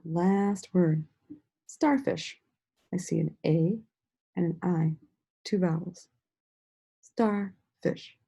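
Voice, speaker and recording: A woman teacher giving a slow, sing-song lesson to young children, stretching out words and praising them often. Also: fairly low pitch, fairly even intonation, gravelly, mellow, breathy edge, poor audio. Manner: encouraging, drawn-out words with frequent praise.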